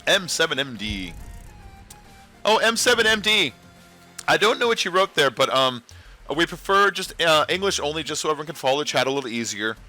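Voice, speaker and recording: A man's voice: on the high side, big pitch swings, brisk, bright, forceful tone, soft background music. A man hosting a casual livestream, rambling and talking back to his chat. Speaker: livestream host.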